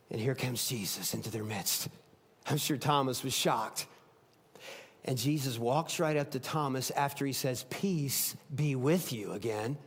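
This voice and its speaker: A man preaching a sermon as pastor, retelling stories with swings between loud emphatic lines and soft hushed ones. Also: mid-range voice, animated, unhurried, husky, long reverb tail.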